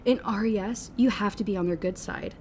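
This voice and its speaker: Brief: woman doing a nervous schoolgirl sidekick, breathless, pitched a bit high. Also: fairly quick, darkish tone, slight background noise, natural voice. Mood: warning. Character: anxious teen girl, the outcast friend.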